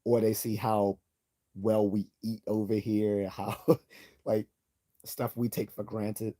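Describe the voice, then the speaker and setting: Low, husky-voiced man chatting on a livestream. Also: slow. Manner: animated storytelling, acts out quotes, laughs often. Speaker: livestream host reading chat. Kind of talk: casual livestream chat.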